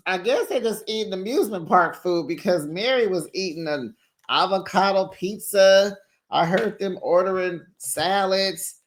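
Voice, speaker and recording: Recap host: sassy and chatty, gossipy retelling of reality TV episodes. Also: medium pitch. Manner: sassy, chatty, with frequent "honey" asides; lively, retells scenes in quoted voices. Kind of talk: casual reality show recap commentary.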